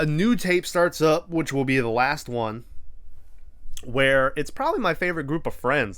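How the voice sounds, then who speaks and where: Smooth-voiced laid-back podcast host, a man. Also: mid-range voice, pushed and bright. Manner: laid-back, rambling, swears freely. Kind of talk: casual movie recap.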